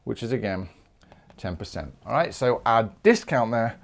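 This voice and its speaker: A man's voice: mid-range voice, lively intonation, moderate pace, gravelly. A man from the United Kingdom teaching a video maths lesson in an upbeat, chatty way with playful asides.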